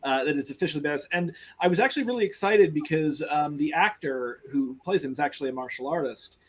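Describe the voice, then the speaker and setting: A man joining a casual podcast chat, tripping over his first words and then wryly quibbling. His voice sits a touch above average in pitch. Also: fast talker. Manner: stumbling starts, wry quibbling.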